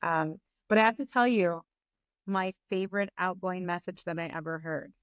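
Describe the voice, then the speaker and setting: A woman guest in a casual podcast interview, chatting in an animated, storytelling way. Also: fairly low pitch, normal speed, no echo, highs cut off. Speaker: actress guest.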